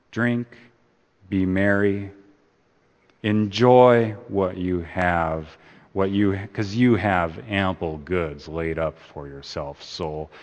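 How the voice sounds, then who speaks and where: A preacher voicing a proud rich farmer. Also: male voice, low voice, big-room sound. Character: greedy rich farmer talking to himself, proud.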